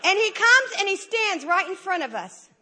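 A woman giving a lively, humorous church testimony and acting out the dialogue as she goes. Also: extremely high pitch, normal speed. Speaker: church speaker sharing a testimony. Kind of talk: animated storytelling testimony.

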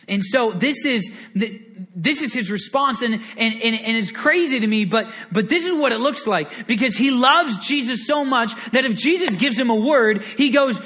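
A man preaching a sermon in an earnest, animated storytelling way, often repeating words as he goes. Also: extremely high pitch, normal speed. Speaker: pastor.

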